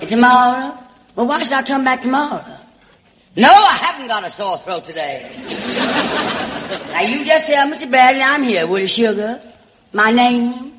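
On an old radio show, a comedy host with a Southern American accent delivers a theatrical, drawling comic monologue, coyly calling everyone darling. Her voice is a little high and animated, at normal speed with frequent pauses, and background noise sits behind it. The broadcast sounds dull and reverberant, as if recorded in a hall.

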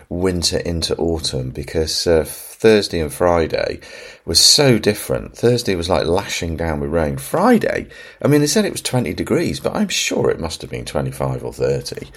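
This is a radio DJ in middle age, a man whose voice sits extremely low. He sounds slightly hoarse, as if he has a frog in his throat. He chats loosely between records, hesitating often with ums and uhs. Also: big pitch swings, normal speed.

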